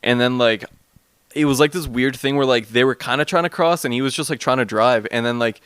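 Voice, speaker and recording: A man's voice: medium pitch, a little fast, fairly bright tone, clean tone, no room sound. A man from Canada co-hosting a stream, rambling through a profane story in casual chat with many fillers. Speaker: stream co-host.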